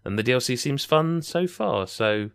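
A man's voice: medium pitch, animated, moderate pace, creaky, a bit bright, clean tone, dry recording, studio quality. A young English man co-hosting a podcast, chatting casually and rambling with jokey asides. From England. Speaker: podcast co-host.

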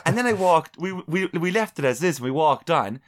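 Lively Irish man telling a story. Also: on the high side, a little fast. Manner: animated, swears freely, laughs while telling. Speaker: podcast co-host. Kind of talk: casual storytelling chat.

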